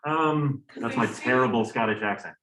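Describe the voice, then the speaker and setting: A man's voice: medium pitch, animated, normal speed, slight background noise. Man, physics professor, classroom lecture, candid, joking, roomy echo. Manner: candid, exasperated asides, joking.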